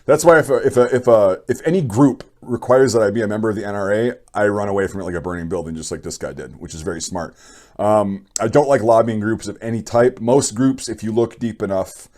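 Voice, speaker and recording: Blunt, rambling low-voiced man. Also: fairly quick, a little mellow. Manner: blunt, opinionated, rambling with fillers. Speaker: channel host. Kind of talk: casual commentary reading viewer stories.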